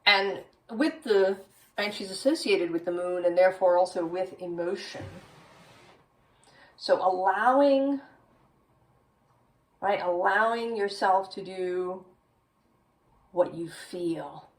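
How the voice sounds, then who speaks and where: Woman tarot reader, slow and lowish, thinks out loud, slightly off-mic. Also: distant mic, rough recording. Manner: slow, musing, with many "right?" tags. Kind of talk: tarot reading.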